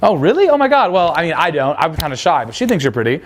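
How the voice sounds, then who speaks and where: A man's voice: fairly high pitch, lively intonation, fast talker. A man squealing as a giddy young clubgoer woman.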